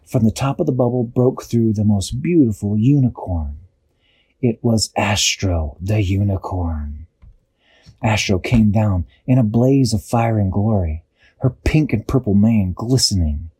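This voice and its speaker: Man spinning an improvised bedtime story, breathy husky tone, dry close sound, lively delivery. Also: on the low side, measured pace, no room sound. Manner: animated, acts out characters with occasional restarts.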